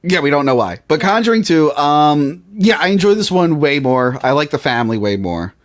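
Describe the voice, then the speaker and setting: Man chatting animatedly on a podcast. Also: on the high side. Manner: animated, quick to laugh, lots of "like". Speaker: podcast co-host. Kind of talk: casual chat.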